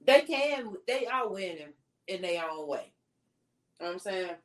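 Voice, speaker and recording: A woman's voice: mid-range voice, expressive, moderate pace. A woman co-hosting a casual live-stream chat, talking in a laid-back, slangy way. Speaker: co-host.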